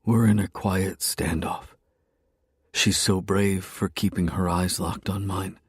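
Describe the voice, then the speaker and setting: A man reads a dark romance story in the first person, his voice sitting very low. The delivery is brooding and intense. The sound is dry and close to the mic. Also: little pitch movement, takes it slowly, husky, no echo. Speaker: narrator.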